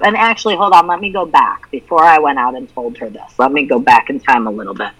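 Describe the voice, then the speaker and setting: A woman's voice: extremely low pitch, fast talker, hardly any pauses, slightly rough, rough recording. A middle-aged woman co-hosting a casual recovery podcast, telling a family story and acting out the voices of the people in it. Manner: animated storyteller who acts out quoted voices. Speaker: podcast co-host.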